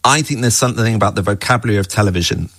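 Middle-aged male writer, gravelly low voice, reflective interview guest. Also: very fast, fairly bright tone, dry recording. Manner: thoughtful, musing, with small laughs. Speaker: guest, screenwriter of the adaptation.

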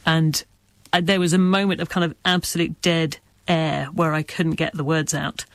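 Gravelly, measured middle-aged man. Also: a little high, level tone, a bit bright, no echo. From Wales. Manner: careful, measured speech with occasional stammer and light laughs. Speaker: author guest. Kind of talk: reflective interview answers.

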